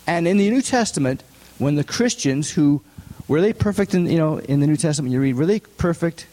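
A man preaching a sermon, putting questions to the congregation and stressing points with sharp rises in his voice. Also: lively intonation, moderate pace. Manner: asks the congregation many questions, rises in pitch for emphasis. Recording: long hall reverb.

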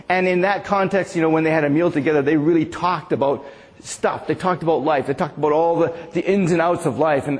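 A man delivers a sermon in an earnest, chuckling manner. His voice sits high for a man, and he slips into a gentle, pleading tone when quoting Jesus. The sound rings with the long reverb of a large hall. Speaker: preacher.

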